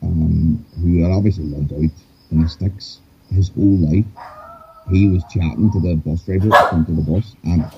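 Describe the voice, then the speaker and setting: A man's voice: low voice, fairly even intonation, normal speed, vocal fry. An Irish man chatting casually over a call, rambling with lots of fillers. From Ireland. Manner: rambling, hesitant, many fillers. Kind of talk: casual chat. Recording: dull lo-fi call audio.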